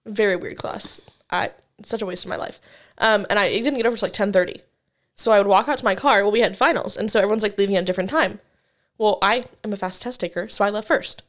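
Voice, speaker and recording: Animated young woman telling a story. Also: mid-range voice, fast talker. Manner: animated storyteller, laughs often. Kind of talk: casual chat.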